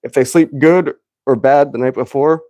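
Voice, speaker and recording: A man's voice: medium pitch, moderate pace, warm tone, no room sound, studio quality. A man in his thirties hosting a podcast, chatting casually, rambling and laughing often as he acts out little quotes. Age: 30s. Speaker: podcast host. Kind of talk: casual chat.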